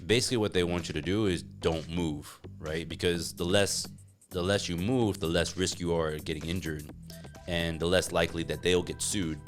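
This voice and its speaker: Very deep-voiced man, relaxed and chatty. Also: moderate pace, soft background music. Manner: relaxed, filler-heavy talk with frequent "like". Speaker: podcast guest, gym co-founder. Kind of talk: casual interview chat.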